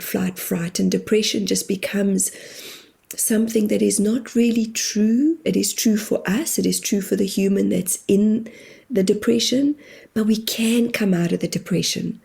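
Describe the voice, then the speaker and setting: A woman's voice: mid-range voice, steady tone, measured pace, vocal fry, mellow, breathy edge. A woman guest, a spiritual medium and therapist, sharing personal stories in an open, heartfelt way and tearing up as she talks. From immigrated to New Zealand. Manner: tearful, open and heartfelt, laughs through tears. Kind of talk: emotional personal storytelling.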